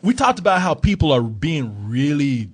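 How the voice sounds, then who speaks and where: A man's voice: fairly high pitch, big pitch swings, moderate pace, slightly rough. A man hosting a movie review podcast in casual, profane chat, laughing a lot and acting out quotes. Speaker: film review podcast host.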